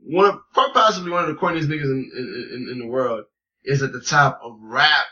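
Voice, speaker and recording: Podcast co-host, male, bright forceful voice, loose and profane, a bit off-mic over faint music. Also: mid-range voice, fairly quick, distant mic, lo-fi sound. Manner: loose, profane, animated storytelling. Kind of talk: casual podcast chat.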